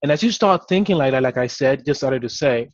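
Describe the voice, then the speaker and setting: A man's voice: mid-range voice, lively intonation, a little fast, no room sound, highs cut off. A man giving a motivational talk as a business coach, speaking conversationally and encouragingly with frequent "you know" fillers.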